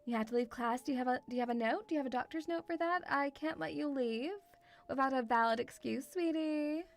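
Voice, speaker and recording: A woman putting on a strict female teacher who rapidly demands a doctor's note. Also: high voice, creaky. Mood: stern. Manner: rapid, stern, fussy.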